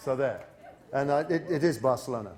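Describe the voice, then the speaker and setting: A man's voice: medium pitch, a little fast, some chatter behind. A man from the United Kingdom with a British English accent, giving a live teacher-training talk in a university hall and energetically coaxing the audience to repeat after him. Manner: energetic, coaxes the audience into choral repetition.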